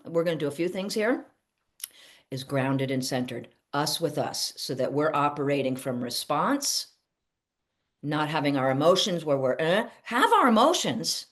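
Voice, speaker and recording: A middle-aged woman therapist teaching casually to camera, animated, acting out little quoted exchanges and laughing at herself. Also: lowish voice.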